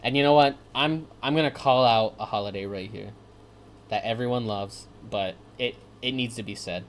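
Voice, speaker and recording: A man's voice: mid-range voice, moderate pace. A man giving gameplay commentary, ranting in a profane, sarcastic way. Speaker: let's play host.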